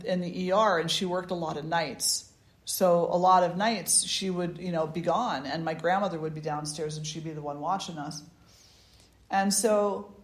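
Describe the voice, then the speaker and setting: A woman spiritual teacher telling a personal story at a gathering, in a conversational way with many restarts and asides. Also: on the low side. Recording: echoey room.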